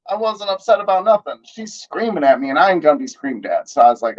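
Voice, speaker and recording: A man's voice: on the high side, fairly quick, darkish tone. A man in his thirties casually telling a long story, rambling and slangy with lots of fillers. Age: 30s. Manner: rambling, laid-back, slangy, lots of "like" and "you know". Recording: slightly dull lo-fi audio.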